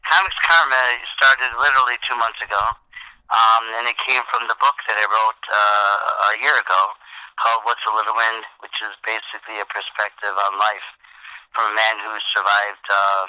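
A man in his fifties, a comedian, tells lively stories as an interview guest and slips into character voices as he goes. His voice is bright and forceful, sitting a little low. The recording is close and dry. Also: moderate pace, clear, resonant tone, no echo, highs cut off. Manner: animated anecdotes, bursts into character voices. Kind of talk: casual interview storytelling.

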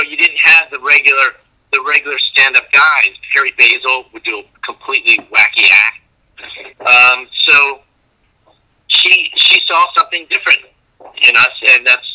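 A man's voice: medium pitch, low-quality recording. A man, a comedian guest, telling stories casually and acting out old exchanges in a raised voice. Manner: animated, acts out dialogue in a raised voice. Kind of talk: casual interview storytelling.

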